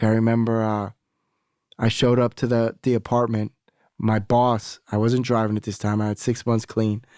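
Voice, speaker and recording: A man's voice: fairly low pitch, darkish tone, dry recording, studio quality. A young adult man, a podcast guest, telling a candid personal story in casual talk, swearing freely and acting out the voices of people he quotes.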